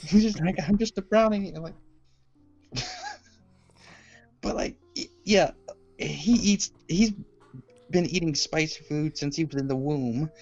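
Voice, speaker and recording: A woman's voice: deep voice, a little mellow, dry recording. A giggly woman chatting on a podcast, telling stories and laughing often. The audio sounds slightly dull, and faint music plays underneath. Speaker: podcast guest. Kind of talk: casual podcast chat.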